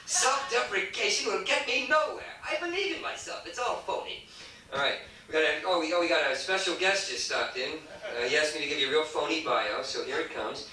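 His voice is a little high, pushed, and bright, and he moves briskly through a rambling, crude stand-up set as the club's emcee, mocking himself and jumping between bits. The sound is echoey and distant, with faint hiss.

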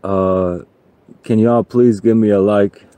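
A man's voice: on the low side, steady tone, dark tone, no room sound. A man chatting casually on his livestream, pleading for donations and joking along the way. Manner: pleading and joking, slow drawl.

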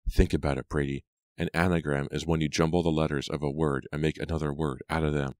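A man's voice: extremely low pitch, level tone, fast talker, a little mellow, dry recording. A man voicing a vengeful teenage girl who taunts coldly in an audiobook reading. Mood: cold, taunting. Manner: taunting, cold.

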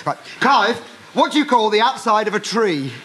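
High, lively eager man in a studio sketch. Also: moderate pace. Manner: eager, fumbling, repeats himself. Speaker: comedy performer. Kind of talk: live studio sketch comedy. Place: TV studio stage with live audience. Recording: TV studio broadcast, audience laughter, noisy.

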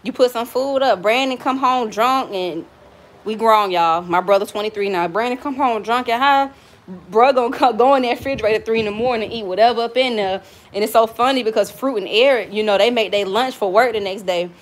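Chatty Southern woman, slightly high voice. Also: brisk. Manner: chatty, frank, storytelling, swears freely. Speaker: cooking vlogger. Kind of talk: casual livestream chat while cooking. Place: home kitchen.

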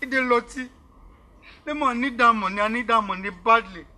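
A man's voice: brisk, sharp tone, heavily acted. A desperate, pleading young village man with a Pidgin accent. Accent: Nigerian Pidgin. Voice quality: high, pleading, insistent. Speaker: Tio, a young man from Gboko. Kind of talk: Nollywood film acting.

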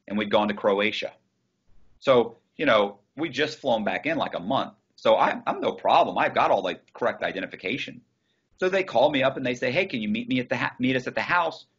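Guy telling a story on a call, husky voice, dull muffled audio, swears a lot. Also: medium pitch, fairly bright tone. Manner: swearing, restarts, quoting others in his telling. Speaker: interview guest. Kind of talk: casual storytelling.

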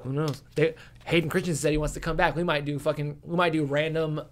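A man's voice: on the high side, fast talker, a little hiss or hum. A young man co-hosting a podcast, chatting casually and gushing with lots of swearing. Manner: excitable, profane, gushing. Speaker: podcast co-host. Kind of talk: casual chat.

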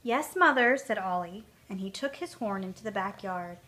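A woman storyteller reading a children's story aloud in a gentle, expressive way. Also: medium pitch, normal speed.

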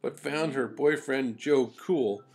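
An older man narrating a children's storybook in an expressive, folksy way. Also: medium pitch, slow, husky.

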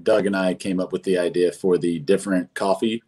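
A man's voice: low voice, steady tone, a little fast, dark tone. A man, a brewery co-founder, talking casually as a guest, rambling with many fillers and restarts. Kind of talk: casual chat.

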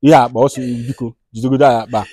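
Fast-talking Nigerian man hosting a skit. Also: mid-range voice, fairly even intonation, mellow, husky, no room sound. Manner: fast, scolding and soothing by turns. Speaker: skit host and mediator. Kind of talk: comedy skit with direct address.

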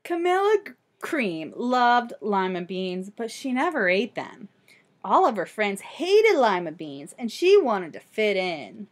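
A woman reading a children's picture book aloud expressively and pausing to ask listeners questions. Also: medium pitch, sing-song. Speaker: storybook reader for children.

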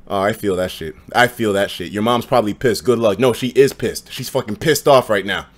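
A young man streaming casually from his apartment, tipsy after drinks, talking loosely and profanely, jumping between loud outbursts and low mumbles. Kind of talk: casual live-stream chat. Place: home apartment.

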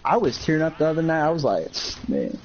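A woman's voice: low voice, very animated, fast talker, highs cut off. A woman co-hosting a casual chat, joking and swearing, with sudden squeals and laughter. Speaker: co-host.

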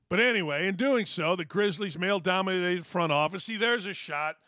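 A man's voice: sits high, brisk, hardly any pauses, sharp tone, no room sound, studio quality. A middle-aged man hosting a sports talk show, ranting bluntly and sarcastically and mocking his critics. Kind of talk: opinionated sports talk rant.

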